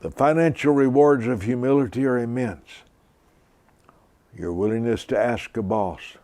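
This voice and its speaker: Slow-preaching man in his seventies. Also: mid-range voice, warm tone, no echo. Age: 70s. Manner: slow, emphatic preaching with repetition. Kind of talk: sermon.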